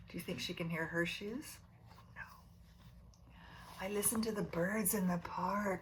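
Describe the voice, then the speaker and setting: A preschool teacher, a woman, reads a picture book aloud to young children, often dropping to a near whisper and gently asking them questions. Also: lowish voice, steady tone, moderate pace, a little hiss or hum.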